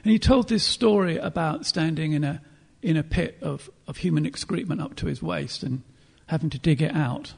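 Gravelly, husky man preaching. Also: fairly high pitch, lively intonation, normal speed, few pauses, darkish tone. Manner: earnest, reflective, with throat-clearing and restarts. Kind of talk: sermon.

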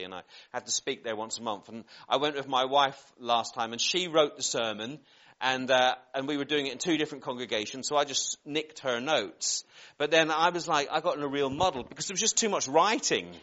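A man in his forties from Northern Ireland with a Northern Irish accent, softened by years in England, giving an informal sermon in a rambling, self-deprecating way full of joking asides. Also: medium pitch, brisk, highs cut off. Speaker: preacher.

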